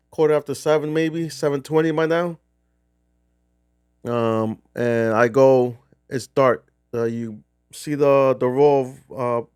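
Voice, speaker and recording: Middle-aged man telling a story, smooth voice. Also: medium pitch, a little mellow, no echo, studio quality. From New Jersey. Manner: rambling, profane, restarts often. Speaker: golf vlogger. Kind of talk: casual storytelling.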